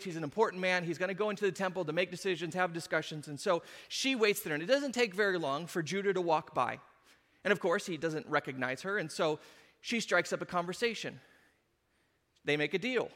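A man's voice: high voice, sharp tone, in a large hall. A man preaching a sermon, retelling a story with jokey asides and acted-out voices. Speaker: pastor. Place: church hall with congregation.

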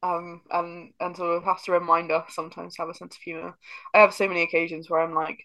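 Gravelly-voiced woman sharing a laugh on a podcast. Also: on the low side, flat delivery, fast, sharp tone, poor audio. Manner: laughs easily, self-deprecating anecdotes. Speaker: podcast co-host. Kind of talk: casual Christian chat.

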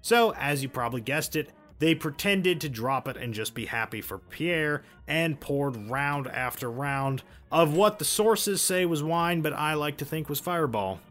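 A man's voice: fairly high pitch, animated, measured pace, few pauses, fairly bright tone, faint music behind. A man telling a story casually on a podcast, with wry joking asides.

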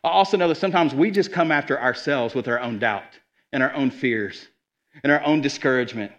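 A man's voice: mid-range voice, brisk. A man preaching a sermon in an earnest, conversational way, often repeating himself. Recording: dull lo-fi sound.

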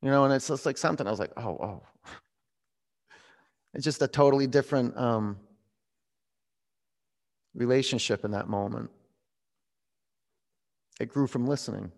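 Gravelly-voiced man leading yoga. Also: mid-range voice. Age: 40s. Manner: calm, unhurried, reflective. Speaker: yoga instructor. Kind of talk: guided yoga class with storytelling.

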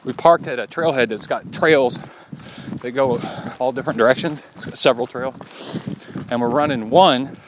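A man's voice: medium pitch, moderate pace. A middle-aged man, a podcast host, recording himself on a forest trail and telling a story in a rambling, chuckling way. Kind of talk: casual on-the-go recording. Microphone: handheld recorder carried on a run. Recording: outdoor field recording with steady noise.

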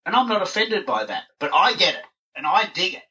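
A man chatting as an interview guest and telling animated stories. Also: high voice, brisk. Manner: animated storyteller who acts out voices. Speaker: podcast guest. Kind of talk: casual interview chat. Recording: dull, distant recording.

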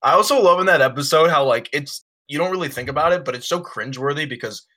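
A man's voice: a little high, animated, fast talker, pushed and bright. A man in casual podcast chat, describing cringeworthy sitcom moments, with lots of "like" fillers. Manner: chatty, with many "like" fillers.

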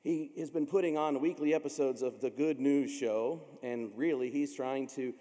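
A man's voice: medium pitch, moderate pace, warm tone. Male pastor, dramatic storyteller, sermon delivery, reverberant space. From Illinois, USA. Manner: dramatic storytelling, acting out voices.

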